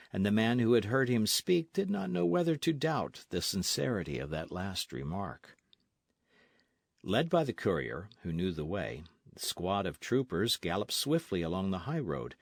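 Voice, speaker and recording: A man's voice: fairly low pitch, gravelly, no room sound, studio quality. A man reading a classic adventure novel aloud as an audiobook narrator, telling the story expressively. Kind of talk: scripted narration.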